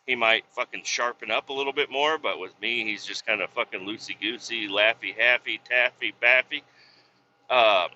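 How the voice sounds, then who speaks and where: A man's voice: mid-range voice, pushed and bright. A man, a truck driver, telling a long, rambling, profane story in casual, exasperated chat. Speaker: podcast host, truck driver. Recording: dull lo-fi with faint noise.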